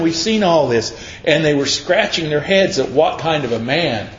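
A man's voice: animated, normal speed. A man preaching a sermon, telling Bible stories in a folksy, storytelling way. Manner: folksy storytelling, acts out voices. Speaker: pastor. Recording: echoey lo-fi room with faint rumble.

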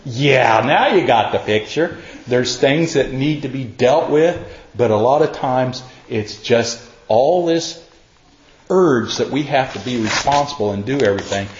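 A man's voice: mid-range voice, animated, measured pace. A man preaching a folksy, conversational sermon, telling homey stories and acting out the voices of the people in them. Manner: homey storytelling, acts out quoted voices. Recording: roomy, dull lo-fi recording.

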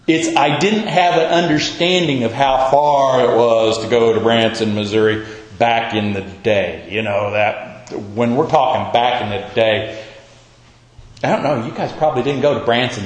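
A middle-aged male preacher giving a sermon with folksy, humorous storytelling in a church hall. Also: medium pitch. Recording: echoey hall.

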